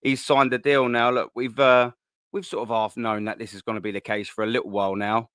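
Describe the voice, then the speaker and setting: A chatty man in his thirties hosts a live stream, upbeat and quick to repeat himself as he talks to his viewers. His voice sits in a middle register for a man. The sound is dry, with no room echo. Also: mid-range voice, flat delivery, clean tone. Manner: chatty and upbeat, repeats words, gives shout-outs to viewers. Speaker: fan channel host. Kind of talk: live-stream casual chat.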